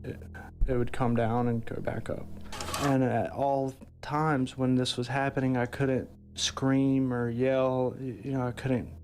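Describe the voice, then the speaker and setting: A middle-aged man recounting a personal experience in a documentary clip, halting and searching for words. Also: mid-range voice, little pitch movement, darkish tone, faint music behind.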